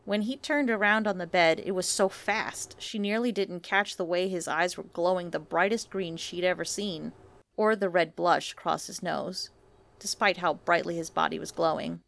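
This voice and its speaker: A woman narrating romantic fan fiction in a soft, unhurried reading voice. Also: on the low side, fairly even intonation, creaky.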